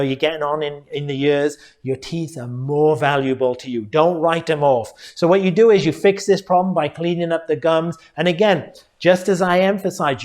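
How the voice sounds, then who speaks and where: A middle-aged man with a slightly higher voice, speaking as a dentist explaining things to his viewers. He talks earnestly and directly, often calling his audience folks. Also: darkish tone. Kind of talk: educational talk to viewers.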